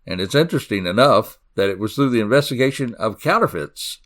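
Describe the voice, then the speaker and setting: A man's voice: animated, moderate pace, hardly any pauses, fairly bright tone. Southern guy hosting a crime podcast, folksy and dramatic, voice jumps up and down a lot. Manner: folksy, dramatic storytelling with sudden pitch swings. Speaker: podcast host. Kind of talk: true-crime podcast narration.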